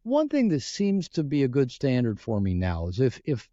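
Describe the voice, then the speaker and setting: A man speaks as a podcast guest, earnest and explanatory. His voice is warm and mellow, with lively swings of pitch as he acts out bits of dialogue. The sound is dry and a little dull. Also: moderate pace, dry recording. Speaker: podcast guest, relationship author. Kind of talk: podcast interview storytelling.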